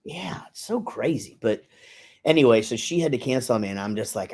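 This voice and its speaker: A man's voice: medium pitch, expressive, a little fast, darkish tone. Rambling middle-aged man, casual chat. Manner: rambling, loose, swears casually. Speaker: podcast co-host.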